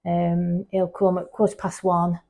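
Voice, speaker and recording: A woman's voice: monotone, a little slow, mellow. A woman, a pet groomer chatting casually through a vlog as she explains her work. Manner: chatty, explanatory, talks to the dog in a high coaxing voice. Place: grooming salon, indoors.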